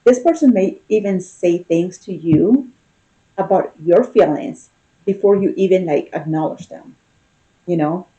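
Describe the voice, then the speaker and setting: A woman's voice: on the low side, a little slow, mellow, dull audio. A woman giving a casual tarot reading, talking in a loose, conversational way and often checking in with "okay?" and "you know?". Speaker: tarot reader.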